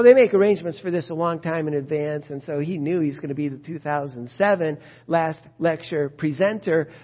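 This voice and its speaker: Man, pastor, sermon and prayer, husky voice, muffled recording. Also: a little high, in a large hall. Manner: storytelling, then quiet earnest prayer. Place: church sanctuary. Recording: dull lo-fi sound.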